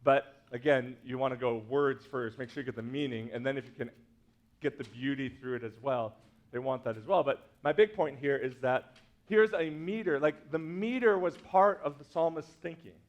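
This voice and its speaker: A pastor gives a casual teaching talk to his congregation, chatty and full of fillers like "like" and "right?". His medium-pitched voice moves at a normal speed, and the recording sounds lo-fi.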